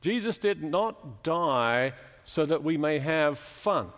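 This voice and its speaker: A man's voice: on the high side, animated, takes it slowly, fairly bright tone, big-room sound. A man preaching a sermon in a chapel, explaining scripture and asking the congregation questions as he teaches.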